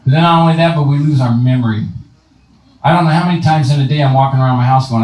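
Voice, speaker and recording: A man doing a stand-up comedy set in a club, delivering deadpan punchlines and casual crowd work. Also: medium pitch, fast. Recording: roomy live room, distant mic, faint noise.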